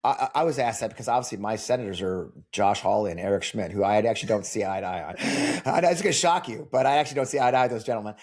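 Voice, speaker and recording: Congressional candidate, male, quick delivery, husky voice, animated storyteller. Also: on the low side. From Missouri. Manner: animated storyteller, many restarts. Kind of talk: conversational interview answers.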